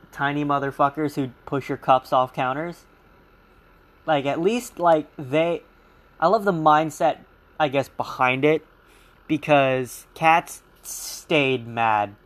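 Profane rambling man, slightly high voice. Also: fairly bright tone. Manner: profane, rambling, mocking voices for animals and critics. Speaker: podcast host. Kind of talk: rambling solo podcast.

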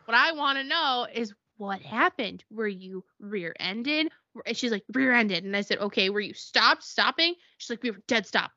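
A woman's voice: on the high side, normal speed, few pauses, no room sound, dull audio. A woman co-hosting a podcast, telling stories in a casual chat and acting out the people in them. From Connecticut. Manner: animated storytelling, acts out quoted people. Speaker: podcast co-host.

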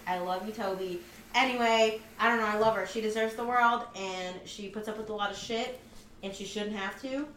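A woman's voice: medium pitch, steady tone, moderate pace, fairly bright tone. A young woman co-hosting a casual home podcast, gushing and swearing as she repeats herself. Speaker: podcast co-host. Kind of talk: casual chat. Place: home room. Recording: echoey room, mic far off, faint background hiss.

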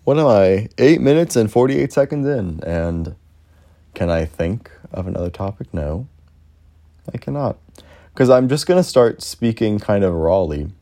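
A man's voice: fairly low pitch, animated, measured pace, mellow. A young man talking alone on his podcast, rambling and self-deprecating, swearing freely as he thinks aloud. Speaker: podcast host. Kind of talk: casual solo podcast monologue.

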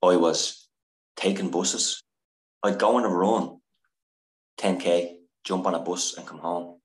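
A man with a deep, low voice tells a candid personal story as a podcast guest. He is earnest and emotional, swears freely and trips over his own sentences. The sound is roomy and echoey. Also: steady tone, slow pace. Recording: echoey room.

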